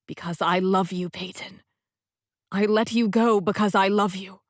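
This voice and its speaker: A woman reading the part of a devoted grown man, a once-grumpy boss who now speaks slowly and gently, like a storybook romantic lead. Her voice sits in the middle of a woman's range, close and dry with no room sound around it. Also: mid-range voice, fairly even intonation, no echo, natural voice. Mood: tender. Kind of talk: audiobook dialogue reading.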